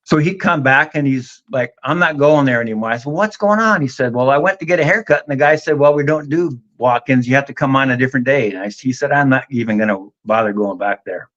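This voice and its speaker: A man's voice: medium pitch, fast, hardly any pauses, fairly bright tone, lo-fi sound. A middle-aged man, telling a long story in a folksy, drawling way on a casual talk show. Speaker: guest on a vinyl community live show.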